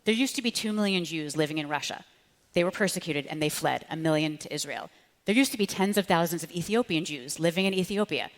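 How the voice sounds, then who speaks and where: A woman talking with fervent conviction in a live onstage conversation, sometimes slipping into the voices of the people she quotes. Her voice sits a little low and rings out with a long reverb, as if in a large hall. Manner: impassioned, animated, acts out quoted voices. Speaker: author and speechwriter, guest.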